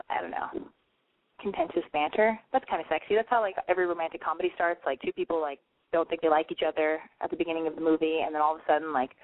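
A young woman hosting a call-in advice show, blunt, profane and rambling, sounding nasal from a cold. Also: fairly low pitch. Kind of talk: rambling online radio rant. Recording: tinny phone-like line, dry.

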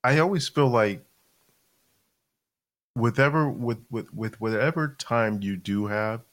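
A man's voice: mid-range voice, a little slow, a bit bright. A man co-hosting a podcast in casual chat, hesitant and searching for words with fillers. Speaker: podcast co-host.

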